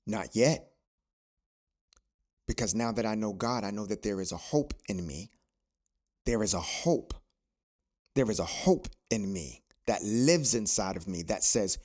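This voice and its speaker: A man with a lowish voice gives a motivational podcast monologue. He talks like a preacher and drives his points home by repeating phrases. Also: expressive, measured pace, pauses often, darkish tone. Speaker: podcast host.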